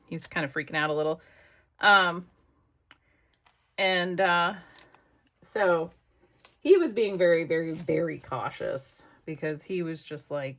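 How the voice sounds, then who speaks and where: Chatty middle-aged American woman crafting vlogger, lowish voice, rambling casual storytelling. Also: unhurried, long pauses, a bit bright. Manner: chatty, rambling, muttering asides to herself.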